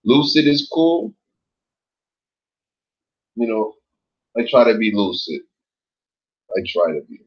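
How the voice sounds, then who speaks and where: With big pitch swings and a slightly rough voice, this man speaks slowly and pauses often as he hosts an online show. His commentary is loose and slangy, packed with swearing, spiking in pitch when he's worked up, all on dull lo-fi audio.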